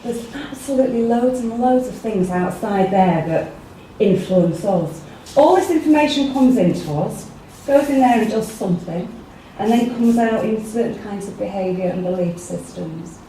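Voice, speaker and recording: Picked up by a distant mic in a reverberant meeting room, an English-accented woman talks informally to a small workshop group and keeps turning questions to the audience. She speaks in a warm, mid-range voice at normal speed, with slight background noise.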